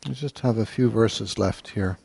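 Low, mellow-voiced meditation teacher. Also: male voice, gravelly, slightly rough. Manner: calm, measured, with hesitant fillers. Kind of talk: dharma talk Q&A.

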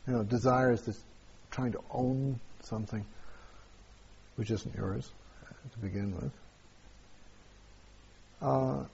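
A man, a meditation teacher, answers questions at a retreat in a halting way, with many fillers and restarts and frequent chuckles. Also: mid-range voice, fairly even intonation, vocal fry, a little mellow, highs cut off, a little hiss or hum.

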